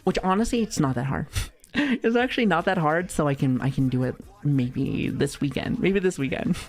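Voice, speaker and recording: A woman's voice: deep voice, expressive, moderate pace, a little mellow, soft background music. A woman streamer chatting casually with her viewers, playful and giggly, often laughing and swearing lightly. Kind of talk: casual live-stream chat.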